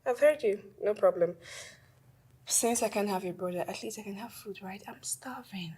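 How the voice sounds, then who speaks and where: A woman's voice: mid-range voice, moderate pace, darkish tone, natural voice. A woman playing a flirty, dramatic woman. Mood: playful. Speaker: friend.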